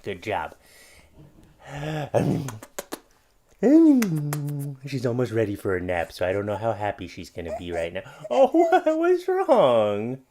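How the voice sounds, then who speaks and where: A man hosting a casual home vlog, talking playfully and gently to his baby in his home office. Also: fairly low pitch, very animated, slow, pauses often, slight background noise. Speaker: YouTube host and new father. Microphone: studio microphone.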